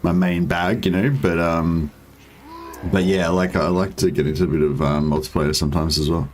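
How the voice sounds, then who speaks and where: Australian man, very low voice, relaxed livestream chatter, greets viewers. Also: normal speed, slight background noise. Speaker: livestreaming gamer. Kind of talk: casual livestream chat.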